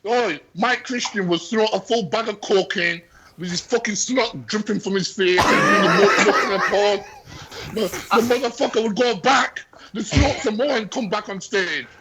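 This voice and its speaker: A man guest in a casual chat, loud, laughing and profane. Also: sits high, moderate pace, heavy background noise.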